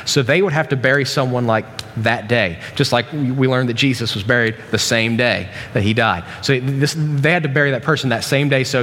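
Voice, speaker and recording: A pastor delivers a sermon in a loose, joking style, full of restarts and side remarks. His voice sits at medium pitch with a slightly bright quality. The recording carries a long reverb, as if made in a large hall.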